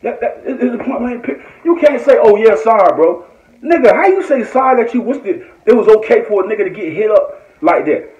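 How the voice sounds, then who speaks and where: A man's voice: very high-pitched, a little fast, few pauses, a little mellow. A man from Norfolk, Virginia, delivering a heated, repetitive, profane rant on a live stream. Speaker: online commentator. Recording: echoey, dull lo-fi phone audio.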